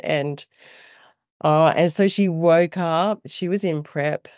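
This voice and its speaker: A middle-aged Australian woman, a mother and carer, telling animated stories in a casual interview and laughing often. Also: deep voice, a little slow, no room sound, studio quality.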